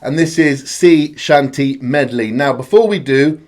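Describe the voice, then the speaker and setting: British male host, average pitch, easygoing and upbeat, chatty reaction-video delivery. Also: a little slow, a little mellow. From United Kingdom. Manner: upbeat and chatty, hums tunes aloud. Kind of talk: casual chat.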